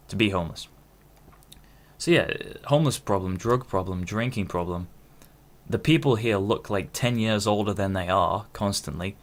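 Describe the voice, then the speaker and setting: Low-voiced young man rambling solo. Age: 20s. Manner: rambling, self-interrupting, casual swearing. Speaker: podcast host. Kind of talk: casual solo monologue.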